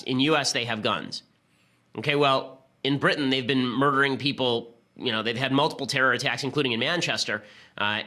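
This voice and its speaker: A man hosting a political talk show, delivering rapid-fire argumentative commentary. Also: mid-range voice, pushed and bright. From United States. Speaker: podcast host.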